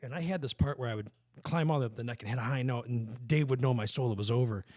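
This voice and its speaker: A man's voice: mid-range voice, fast, a little mellow, no echo, clean studio sound. A middle-aged man co-hosting a casual podcast, rambling through stories with frequent restarts. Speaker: co-host. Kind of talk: casual chat. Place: studio.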